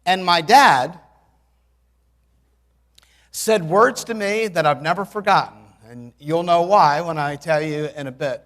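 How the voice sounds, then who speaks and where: A man in his sixties preaching a sermon in a church, telling stories in an animated way with dry humor and bursts of loud exclamation. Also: fairly high pitch, measured pace, pauses often, big-room sound. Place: church sanctuary.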